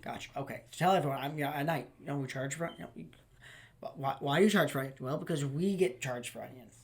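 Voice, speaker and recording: A man's voice: fairly high pitch, quick pace, husky. Chatty young man telling stories. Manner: rambling, laughing, swears, acts out quoted people. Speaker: podcast host. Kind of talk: casual storytelling chat.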